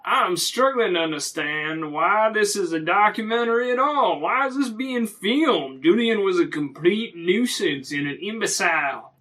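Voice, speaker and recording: A pompous rival scientist sneers and giggles through a mockumentary interview, played by a man. His voice sits high and swoops widely while he drawls slowly. It has a bright edge and sounds picked up from some distance. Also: expressive, heavily acted. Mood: scornful. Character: pompous rival male scientist Doctor Barnaby.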